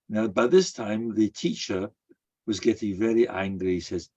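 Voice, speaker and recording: A man's voice: on the low side, fairly even intonation, fairly quick, warm tone, breathy edge. A man, a rabbi, delivering a sermon full of stories, a folksy storyteller who weaves in Hebrew and Yiddish terms. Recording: dull, muffled lo-fi recording.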